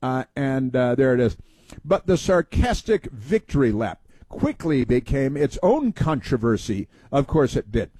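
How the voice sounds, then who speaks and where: A man's voice: medium pitch, sing-song, a little slow, dark tone, slightly rough, no room sound. A man hosting a political talk radio show, speaking in a sarcastic, mocking way with many fillers and restarts.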